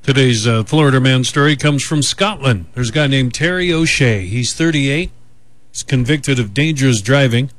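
A man's voice: mid-range voice, moderate pace, a bit bright, dry recording. Joking man chatting on morning radio. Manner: chatty, joking, frequent fillers. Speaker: radio co-host. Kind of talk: casual on-air banter. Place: radio studio.

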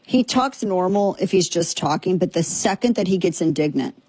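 A woman's voice: lowish voice, expressive, moderate pace, dark tone, breathy edge, no room sound. A woman hosting a commentary show, talking in an opinionated, sarcastic way and slipping into mocking impressions.

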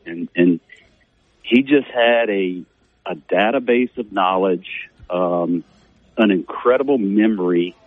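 A man's voice: sits low, normal speed, slightly rough, dry recording. A middle-aged man, a former player as a guest on a casual radio interview, rambling with many fillers. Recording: dull narrow phone-like radio audio, dry.

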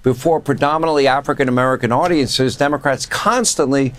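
A man hosting a news talk show, chatty and quick to laugh with his guest. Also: medium pitch, a bit bright. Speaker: host.

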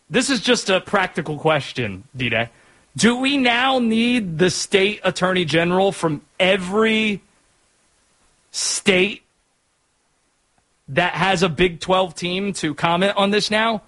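A man's voice: high voice, fairly bright tone, rough recording. A married man from North Carolina hosting a sports podcast, chatting casually with rambling joking asides.

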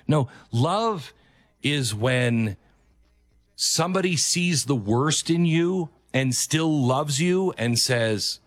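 A man's voice: medium pitch, expressive, takes it slowly, no echo. Earnest, emphatic male commentary host. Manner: earnest, emphatic, repeats key phrases. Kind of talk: opinion commentary on a video clip.

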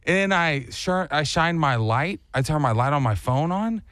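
An animated young man on a morning radio show, his voice bouncing up and down as he spins a story. His pitch sits a little high for a man, and he acts out the sounds and the people he met. The studio mic is close and dry, with faint music underneath. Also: normal speed, no echo.

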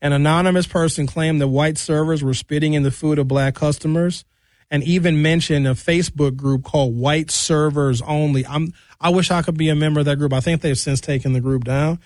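A man's voice: fairly high pitch, fairly even intonation, fairly quick, darkish tone, no room sound, studio quality. A man delivering a ranting monologue as a commentator, emphatic, sarcastic and preachy.

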